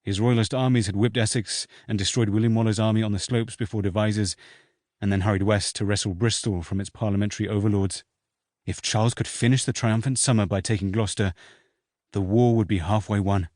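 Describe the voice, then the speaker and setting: A man narrating a historical novel as an audiobook in a steady, measured reading. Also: on the low side, no echo, studio quality. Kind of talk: scripted narration.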